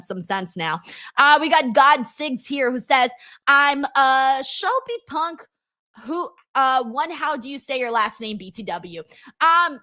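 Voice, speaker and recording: A young woman hosting a casual livestream, chatting and reading viewer messages with lots of ums and excited bursts. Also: fairly high pitch. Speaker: wrestling livestream host. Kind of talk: casual livestream chat, reading super chats.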